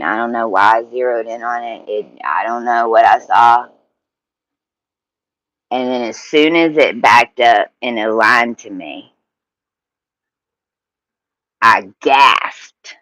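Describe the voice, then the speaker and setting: Slow, rambling man. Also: fairly low pitch, fairly bright tone, no echo, poor audio. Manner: emotional, halting, swears freely, many restarts. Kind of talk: rambling personal monologue.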